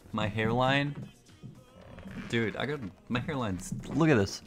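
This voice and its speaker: A man's voice: medium pitch, moderate pace, long pauses, music in the background. A young man streaming live, goofily chanting a name over and over between casual asides to his chat.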